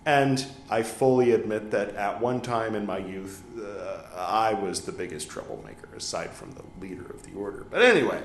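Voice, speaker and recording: A man's voice: fairly low pitch, sing-song, normal speed, hardly any pauses, slight background noise. A man hosting a podcast, reading a religious text aloud and breaking off for wry, joking asides. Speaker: podcast host reading scripture. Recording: echoey room.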